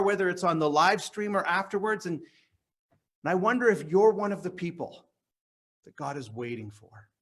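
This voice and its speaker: Male pastor with a high voice preaching an earnest teaching sermon at a church service. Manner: earnest, teaching, stresses words slowly. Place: church service on a live stream.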